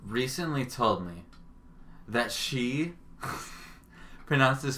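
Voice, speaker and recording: A man's voice: mid-range voice, animated, extremely slow, long pauses, pushed and bright. A young man co-hosting a casual dorm-room podcast, telling an anecdote to friends. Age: young adult. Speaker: podcast co-host. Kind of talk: casual chat.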